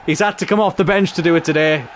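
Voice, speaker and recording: Excitable man commentating his game. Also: on the high side, fast talker, a little hiss or hum. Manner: excitable, shouts at goals, laughs. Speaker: gaming YouTuber. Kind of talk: football management game commentary.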